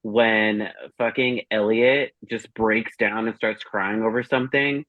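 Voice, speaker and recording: A man's voice: on the low side, fairly even intonation, unhurried, no room sound. A man chatting casually as a guest reviewer, telling rambling, profane stories. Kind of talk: casual chat. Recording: dry, dull lo-fi sound.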